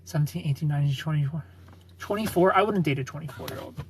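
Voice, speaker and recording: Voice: medium pitch, fast, a little hiss or hum. A livestreamer in their thirties answering chat comments in a chatty, opinionated way and laughing often. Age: 30s.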